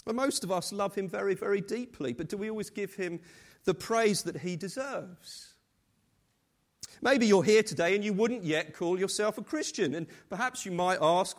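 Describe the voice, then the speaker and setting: A man in his thirties, a pastor giving a sermon, reading scripture and praying, then telling stories with gentle humor in a conversational way. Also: high voice.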